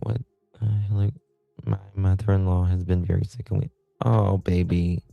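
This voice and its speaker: Slow gravelly deep-voiced man streaming. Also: flat delivery, no room sound, phone-quality sound, soft background music. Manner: sarcastic, talks to chat viewers. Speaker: livestream host. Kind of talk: casual live-stream commentary.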